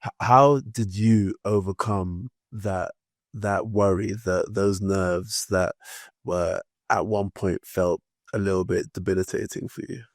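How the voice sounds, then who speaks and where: A man hosting a podcast, asking a guest a question in a slow, hesitant way. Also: sits low, steady tone, no room sound, clean studio sound. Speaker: podcast host. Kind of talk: interview question.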